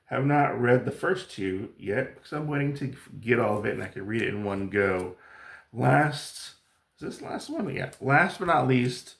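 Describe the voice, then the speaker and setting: A man's voice: medium pitch, creaky, reverberant. A man casually reviewing his monthly comic book haul, enthusiastic and rambling with plenty of fillers.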